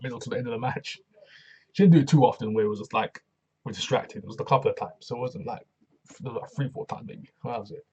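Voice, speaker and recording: A man's voice: medium pitch, darkish tone, breathy edge. A man casually reviewing a wrestling show, laid-back and slangy, with lots of fillers.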